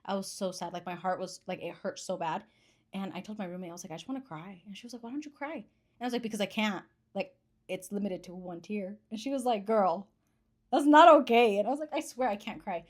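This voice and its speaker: Fast-talking young woman, chatty and rambling. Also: mid-range voice, darkish tone. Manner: chatty, rambling, self-deprecating. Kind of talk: casual chat.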